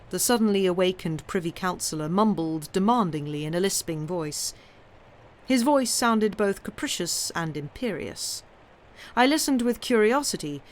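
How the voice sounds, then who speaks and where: A woman reading a short story aloud, measured, with the occasional slip and correction. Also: on the low side. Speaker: reader.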